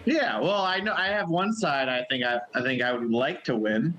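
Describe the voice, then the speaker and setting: A man delivering a comedic news report, halting and full of fillers. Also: mid-range voice, fairly bright tone, dull audio. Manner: hesitant, filler-heavy. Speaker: news correspondent.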